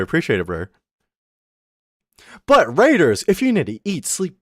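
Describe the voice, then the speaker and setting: A man's voice: a little high, huge pitch swings, a little slow, long pauses, a bit bright, no echo, clean studio sound. A young man live-streaming a game, chatting in a rambling, self-mocking way and swearing often. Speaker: VTuber streamer. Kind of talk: casual live-stream commentary.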